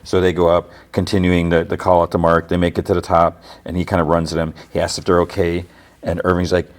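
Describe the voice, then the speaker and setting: A man with a very low voice, the host of a podcast, recapping in a loose, rambling way. He leans on "like" and restarts his sentences often. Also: monotone, fast talker. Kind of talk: casual recap chat.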